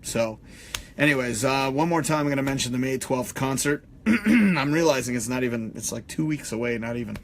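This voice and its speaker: A man's voice: medium pitch, expressive, fairly quick. A man hosting a casual live stream, rambling and swearing, with lots of fillers as he reads out viewer comments. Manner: rambling, profane, many fillers. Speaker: podcast host.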